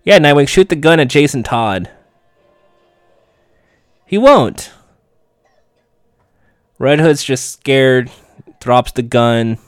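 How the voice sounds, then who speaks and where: A man's voice: fairly high pitch, big pitch swings, unhurried, long pauses, smooth, no room sound, studio quality. A man giving a casual, sarcastic, profane play-by-play recap of a TV episode.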